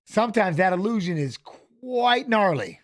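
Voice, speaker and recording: A man giving casual live commentary on a fight as a watch-along host, animated and coaching the fighters aloud, repeating phrases. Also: high-pitched, unhurried, no room sound, clean studio sound.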